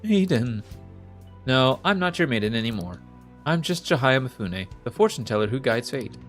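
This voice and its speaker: A man's voice: medium pitch, very animated, normal speed, fairly bright tone, soft background music. A man reading an earnest young fortune teller woman. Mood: encouraging. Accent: Southern US, put on. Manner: earnest, pleading, slips briefly into a folksy drawl. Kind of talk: reading video game dialogue aloud.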